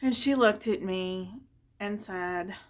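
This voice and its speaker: In a casual vlog, a woman shares a personal family story, chatty and expressive, growing wistful as she reflects. Her voice sits in the mid range and she speaks slowly.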